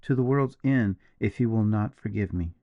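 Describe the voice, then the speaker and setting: A man's voice: lowish voice, normal speed, dry recording, highs cut off, close to an everyday voice. A man voicing an impassioned, tender-hearted young woman in an audiobook, crying out in a raised, emotional voice. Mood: pleading. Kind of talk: audiobook character reading.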